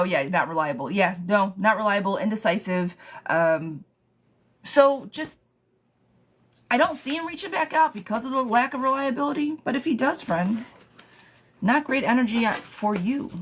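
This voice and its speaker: A woman's voice: mid-range voice, animated, unhurried, pauses often, a little hiss or hum. A young adult woman giving a casual live tarot reading, chatty, laughing often and swearing lightly. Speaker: tarot reader. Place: home, streaming live.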